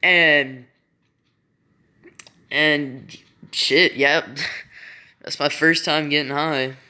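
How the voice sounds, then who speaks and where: A man's voice: on the high side, fairly even intonation, very slow, bright, forceful tone, smooth. A young man telling a rambling story to camera, swearing often. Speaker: vlogger. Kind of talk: casual storytelling.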